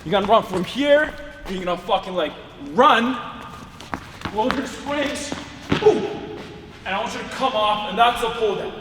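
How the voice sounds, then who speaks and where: A man coaching throwing in casual talk, hyped up and swearing freely, with loud cheering bursts. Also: high-pitched, normal speed, long pauses. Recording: echoey, distant mic, background noise.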